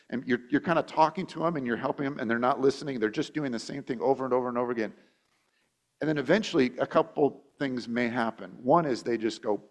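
A man preaching a sermon as a pastor, talking conversationally, often repeating and restarting words, and acting out quoted voices. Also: medium pitch.

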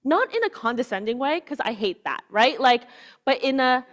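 A woman's voice: high-pitched, lively intonation, normal speed. Woman preaching in a casual, chatty way. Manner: casual, keeps asking "right?", drops to a hushed voice on key words. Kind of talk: conversational sermon.

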